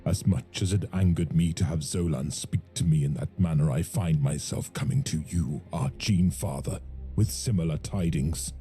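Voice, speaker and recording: A man voicing an ancient, weary male space marine warsmith in a solemn, measured way. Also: rumbling low, warm tone, faint music behind, voice pushed down. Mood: resolute.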